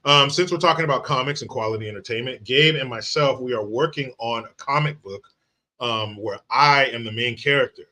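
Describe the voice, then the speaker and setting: A man hosting a loose livestream who chats straight to his viewers, greeting them by name. His talk is animated and salted with swearing. His voice sounds bright and forceful. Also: medium pitch, fairly quick. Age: adult father of young children. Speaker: livestream host. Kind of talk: casual livestream chat, reading viewer comments.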